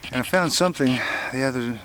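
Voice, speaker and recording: A man's voice: mid-range voice, fast, a bit bright, recorded from a distance. A middle-aged man vlogging casually at a campsite, rambling with many fillers and restarts. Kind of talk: casual solo camping vlog. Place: outdoor campsite. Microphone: camera mic. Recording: noisy camera audio with autofocus clicks.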